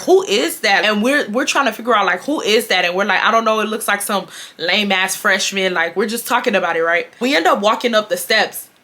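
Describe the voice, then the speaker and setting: A woman's voice: mid-range voice, pushed and bright. A woman in her twenties telling a story casually to her viewers, talking straight to them and acting out what people said. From Houston, Texas. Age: 20s. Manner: chatty, addresses viewers directly, acts out quotes. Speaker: storytime vlogger.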